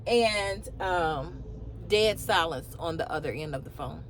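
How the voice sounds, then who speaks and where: Sitting in a car, a woman vlogger casually recounts a personal story, acting out the other person on a phone call with rising, incredulous asides. Her voice is fairly low and measured, with a little background noise.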